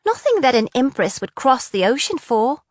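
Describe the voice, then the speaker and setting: A blunt young woman held captive, snapping back with quick, indignant answers, as a woman narrator reads her. The voice sits a touch higher than the reader's own. The sound is dry and close. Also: very animated, no echo. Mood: defiant.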